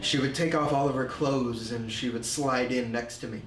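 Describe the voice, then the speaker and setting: An actor playing a remorseful man confessing his drinking and insecurity, telling it slowly and haltingly in a film monologue. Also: mid-range voice, steady tone, a little hiss or hum, lightly acted. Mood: reflective. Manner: slow, halting, reflective storytelling. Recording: roomy echo.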